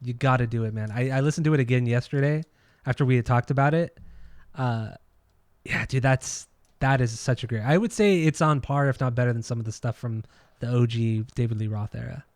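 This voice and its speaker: A man's voice: medium pitch, brisk, darkish tone, no room sound. A man co-hosting a casual podcast about records and bands. He argues his tastes bluntly and swears freely. His voice is recorded dry and close, with no room sound around it. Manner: opinionated, swears freely, argumentative. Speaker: podcast co-host.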